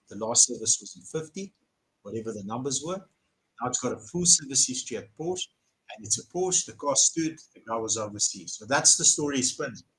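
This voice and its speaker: A man's voice: medium pitch, a bit bright, poor audio. A man with a South African accent, a car dealer hosting a live Q&A and telling stories bluntly, swearing when riled. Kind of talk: casual live Q&A storytelling.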